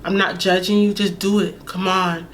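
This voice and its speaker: A young woman voicing an insistent man who coaxes quietly in a lowered voice. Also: flat delivery, normal speed, slight background noise, lightly acted. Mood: coaxing. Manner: quiet, coaxing. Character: pushy insistent adult man, low and coaxing.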